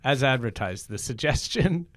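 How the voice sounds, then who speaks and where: A man's voice: mid-range voice, expressive, moderate pace, dry recording. A man co-hosting a comedy podcast, playful and rambling, playing a mock showman as he introduces improv scenes.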